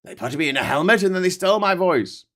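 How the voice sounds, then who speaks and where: Man putting on a high, whiny Boba Fett. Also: lively intonation, fast, pushed and bright. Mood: indignant. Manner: whiny, theatrical complaining. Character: indignant male bounty hunter in a helmet.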